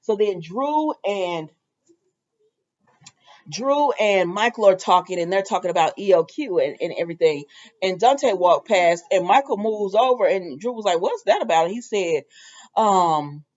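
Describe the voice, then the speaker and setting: A woman's voice: mid-range voice, darkish tone, muffled recording. A woman casually recapping a soap opera episode, chatty and loose, with lots of fillers and asides.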